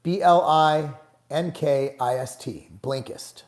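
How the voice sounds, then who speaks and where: A man's voice: on the high side, slow. A middle-aged man hosting a casual live stream, reading chat questions aloud and answering them bluntly, swearing freely and getting exasperated. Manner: blunt, profane, gets heated and exasperated.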